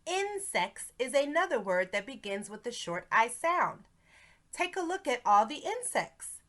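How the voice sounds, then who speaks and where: A woman teaching a video lesson to preschool children in a slow, encouraging, sing-song way. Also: a little high, big pitch swings, fairly bright tone.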